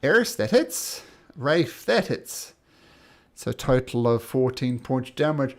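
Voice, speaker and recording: A man's voice: medium pitch, big pitch swings. A man running a tabletop game, talking through dice rolls and describing a battle. His voice sits in the middle, and he speeds up when he talks about rules. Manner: quick, laughing rules talk. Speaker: game master.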